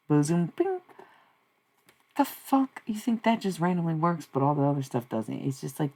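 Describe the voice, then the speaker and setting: Brief: streamer voice, gravelly and slightly husky, searching and repetitive, casual swearing. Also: mid-range voice, warm tone. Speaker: live streamer. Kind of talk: rambling spiritual musing.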